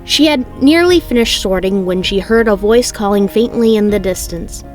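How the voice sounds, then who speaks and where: A woman's voice: mid-range voice, moderate pace, a little mellow, faint music behind. A woman reading a novel aloud chapter by chapter in a casual way, often correcting herself mid-sentence. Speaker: reader of a book aloud. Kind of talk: casual read-aloud narration.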